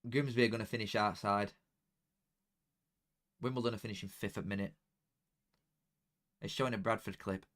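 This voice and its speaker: A young man talking casually to viewers during a football watchalong, chatty and excitable, dropping into flat mutters and jumping to loud outbursts. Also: fairly low pitch, moderate pace, pauses often. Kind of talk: casual live commentary to viewers.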